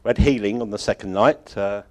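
A man's voice: fairly low pitch, fairly quick. A man giving an informal, rambling closing address at a church conference. He chuckles often and keeps correcting himself. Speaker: conference organiser addressing congregation.

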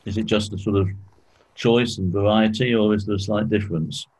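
A man teaching a small group in an informal Bible study, explaining slowly and asking questions, clearing his throat often. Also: lowish voice, fairly even intonation, a little mellow, low-quality recording.

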